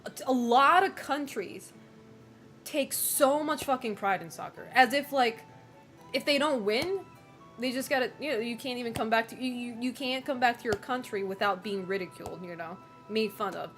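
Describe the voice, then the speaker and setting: A woman's voice: a little high, moderate pace, fairly bright tone, faint music behind. Casual rambling woman streamer. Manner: rambling, swearing, laughs often. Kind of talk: casual chat while streaming.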